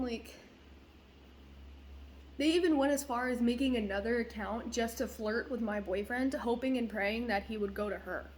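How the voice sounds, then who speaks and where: Young woman vlogger, slightly high voice, blunt and profane rant. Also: a little hiss or hum. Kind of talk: casual venting vlog.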